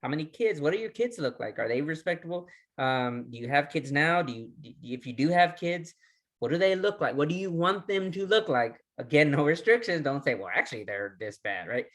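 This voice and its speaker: Man coaching with rapid-fire questions. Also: on the high side. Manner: energetic, repetitive questioning, restarts words. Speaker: resilience trainer. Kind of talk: recorded training lesson.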